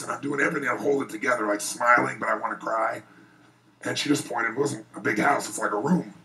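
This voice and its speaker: A man, a motivational speaker, telling an emotional personal story to an audience in an animated, building way. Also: mid-range voice, fast talker, creaky, recorded from a distance, low-quality recording.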